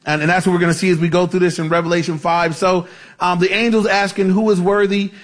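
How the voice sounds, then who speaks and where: A man's voice: high voice, level tone, fast talker. A man preaching a conversational Bible-teaching sermon, casual and chatty, with frequent asides and restarts. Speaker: pastor.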